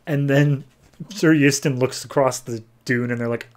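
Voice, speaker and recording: A man hosting a podcast, giving a casual recap of comic books and breaking into quick voices for the characters. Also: mid-range voice. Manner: animated storyteller, acting out characters' lines in quick voices. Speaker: podcast host.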